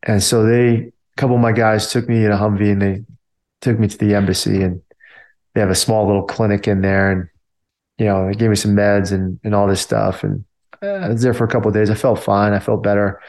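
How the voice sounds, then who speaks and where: Low-voiced man telling a story. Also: little pitch movement, fairly quick, darkish tone. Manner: loose, filler-heavy talk with many "like" and "you know". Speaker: army veteran guest. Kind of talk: casual storytelling.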